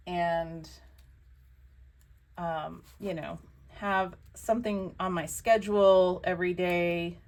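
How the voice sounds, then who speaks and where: A woman's voice: on the low side, fairly bright tone. A woman hosting a crafting vlog, chatting casually and talking to herself as she works. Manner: chatty, exclamatory, talks to herself while working. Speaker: crafting channel host.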